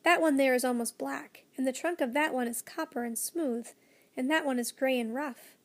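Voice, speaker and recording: A woman's voice: high-pitched, normal speed, close to an everyday voice. Woman reading as a kindly old professor. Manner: emphatic, cheerfully lecturing. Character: kindly old male professor, proud and enthusiastic. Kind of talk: storybook reading.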